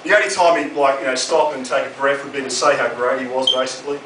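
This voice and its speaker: A man's voice: medium pitch, steady tone, fast talker. A young Australian man doing a crude, sardonic stand-up comedy set on a club stage. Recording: roomy, distant live club recording with audience noise.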